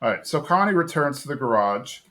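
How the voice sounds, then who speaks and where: Man, podcast co-host, casual rambling recap, mid pitch, pops up higher to quote characters. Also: very animated, brisk, a bit bright.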